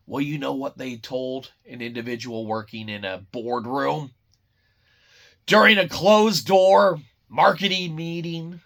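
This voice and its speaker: A man's voice: on the high side, creaky, a bit bright, breathy edge. A man hosting a snack review, rambling and sarcastic with lots of swearing and silly voices. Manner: profane, sarcastic, jumps between silly voices.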